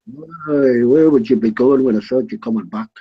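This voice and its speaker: A man's voice: medium pitch, moderate pace, breathy edge, dull audio. A man chatting bluntly in an online voice room, swearing and leaning on fillers. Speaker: chat room regular. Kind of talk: casual online group chat.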